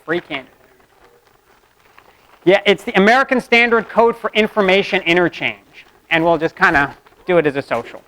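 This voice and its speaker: Male lecturer, high voice, classroom lecture, jokey asides. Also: a bit bright, poor audio. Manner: playful, joking asides. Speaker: university lecturer. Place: lecture hall.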